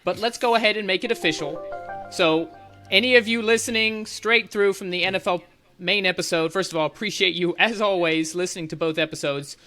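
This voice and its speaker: Bright-voiced joking podcast host man. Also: high-pitched, a little fast, faint music behind. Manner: jokey, rambling, laughs often. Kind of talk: casual podcast banter.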